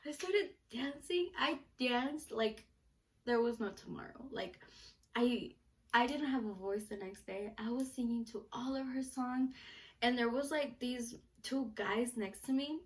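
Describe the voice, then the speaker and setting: A young woman telling an animated story to camera in a casual vlog, filling her talk with "like". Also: a little high, a little slow. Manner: chatty, animated, lots of filler "like". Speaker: vlogger.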